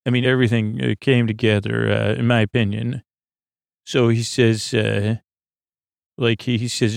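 Gravelly, monotone man rambling slowly. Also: no echo, clean studio sound. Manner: meandering, halting delivery with many fillers; quotes characters in his own low-key voice. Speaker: podcast host. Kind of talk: rambling bedtime recap of a TV episode.

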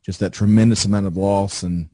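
A male interviewer with a low, mellow voice responds with sympathy and short acknowledgements. His voice is recorded dry and close, with no room sound. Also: fairly even intonation, brisk, no echo.

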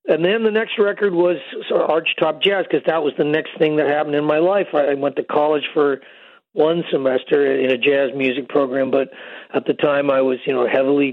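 A man's voice: mid-range voice, no room sound. An older man, a guest musician, telling long rambling stories with many fillers in a casual phone interview. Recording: tinny phone line.

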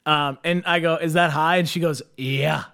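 A young man co-hosting a podcast, telling a rambling story in a crude, joking, animated way. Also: fairly high pitch, moderate pace, vocal fry. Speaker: podcast co-host. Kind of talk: casual chat.

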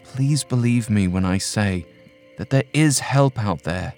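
A man voicing a young male soldier who speaks gently and earnestly, in a storytelling podcast. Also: on the low side, animated, a little slow, faint music behind. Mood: pleading.

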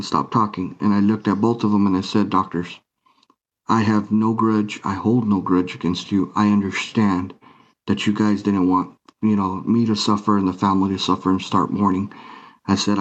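Low-voiced man retelling his story. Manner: retells scenes by acting out quoted dialogue. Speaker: guest. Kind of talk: emotional personal storytelling. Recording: muffled lo-fi recording.

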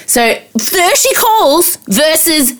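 An Australian woman co-hosting a podcast, chatting casually and telling stories in an animated, sweary way. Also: extremely high pitch, slow. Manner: animated, sweary storytelling with mock voices. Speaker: podcast co-host. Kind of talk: casual chat.

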